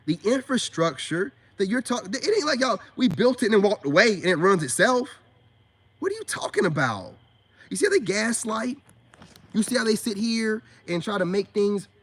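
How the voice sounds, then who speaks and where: A man with a fairly high voice preaches straight to camera in a loose, emphatic monologue. He leans on street slang and keeps asking rhetorical questions. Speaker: self-styled spiritual coach.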